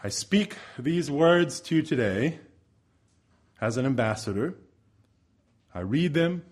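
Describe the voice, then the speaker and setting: A male pastor preaching a sermon in a church over the sound system, impassioned, swinging between loud pleading and soft low asides. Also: animated, takes it slowly. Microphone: church sound system microphone.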